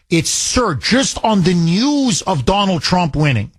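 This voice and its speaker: A middle-aged man hosting a talk radio show, taking callers in an animated, emphatic, rambling way. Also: high-pitched, a little slow, few pauses, no room sound. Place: radio studio.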